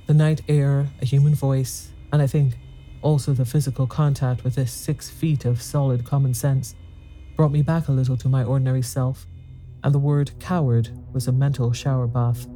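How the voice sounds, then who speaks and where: Storyteller: man, very dark warm tone, tense first-person ghost story reading. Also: mid-range voice, level tone, moderate pace.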